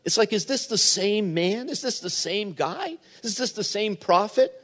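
A man's voice: high voice, expressive, moderate pace, a bit bright. A man preaching a sermon as pastor, retelling a Bible story and acting out the voices in it.

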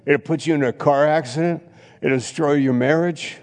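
A man preaching a sermon in a church, emphatic, with sudden loud rises and repeated phrases. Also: on the high side, fairly even intonation, normal speed, in a large hall. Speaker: pastor.

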